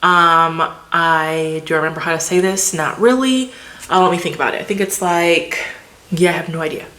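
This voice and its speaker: A woman's voice: lowish voice, normal speed, pushed and bright. A woman vlogger chatting casually to the camera, loose and filler-heavy. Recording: roomy echo.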